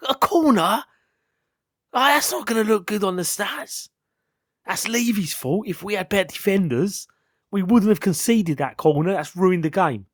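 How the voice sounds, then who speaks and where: A man voicing a grown male football fan who whines and complains about his club, in a high put-on voice. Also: expressive, normal speed, no echo, clean studio sound. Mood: whingeing.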